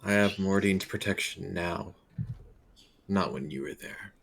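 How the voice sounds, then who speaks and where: A man with a very low, gravelly voice plays a dwarf cleric at the gaming table. He speaks slowly and flatly, with a heavy, deliberate delivery. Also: slight background noise. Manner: slow, flat, gravelly delivery. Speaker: player. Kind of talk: in-character tabletop play.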